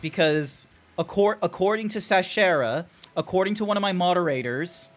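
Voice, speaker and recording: A young man streaming a game, chatting casually and jokily, often breaking into excited shouts. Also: sits high. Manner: excitable, jokey, quick bursts of shouting. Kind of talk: casual livestream chat. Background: faint background music.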